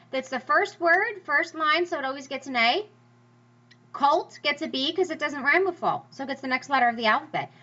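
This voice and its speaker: A woman, teaching in a chatty, reassuring way. Her voice sits a little high and sounds bright. The recording is dull and lo-fi. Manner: encouraging, chatty, reassures listeners. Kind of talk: recorded lecture on poetry.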